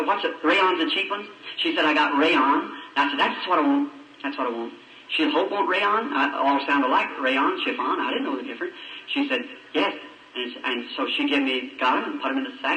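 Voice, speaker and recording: A man's voice: mid-range voice, bright, forceful tone. A man, folksy and emotional, telling a story from the pulpit of an old sermon recording. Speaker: preacher. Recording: distant, echoey, noisy old tape.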